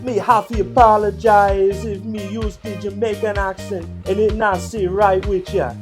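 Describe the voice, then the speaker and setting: A man's voice: extremely high pitch, animated, takes it slowly, music in the background, voice pushed up, full character voice. A man voicing a mock Jamaican-accented party figure who chants his lines sing-song, preachy and upbeat, on a comedy podcast. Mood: mock-solemn. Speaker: host.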